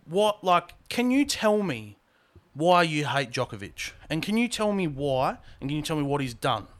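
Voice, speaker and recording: A man's voice: fairly high pitch, sing-song, moderate pace. A young man with an Australian accent co-hosting a podcast, ranting casually and swearing freely. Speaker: podcast co-host.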